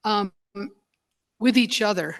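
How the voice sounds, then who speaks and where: Emotional, halting woman at a meeting. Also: mid-range voice, vocal fry. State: choked up. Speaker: school board member. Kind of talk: public meeting remarks. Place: board meeting room.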